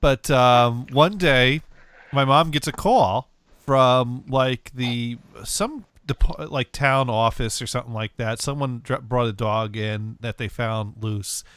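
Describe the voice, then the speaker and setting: A man's voice: mid-range voice, slow, a bit bright, clear, resonant tone, dry recording. A man streaming, reacting to prank calls and telling a story, laughing and rambling casually on a close mic.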